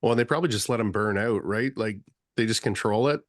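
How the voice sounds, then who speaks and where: A man who is a podcast guest, chatting in an animated way, swearing and trading jokes. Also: on the low side, fast, no room sound, clean studio sound. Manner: animated, swearing, laughing banter. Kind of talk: casual chat.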